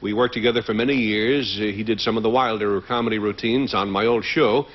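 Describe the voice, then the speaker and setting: A man hosting a game show in a genial, animated way. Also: on the low side, fairly quick. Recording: lo-fi 1970s TV broadcast with loud studio audience and hiss.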